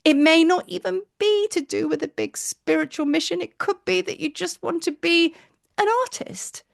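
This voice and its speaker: A woman's voice: very high-pitched, moderate pace, gravelly. A woman teacher narrating a guided meditation in a soothing, dreamy, lightly rambling way.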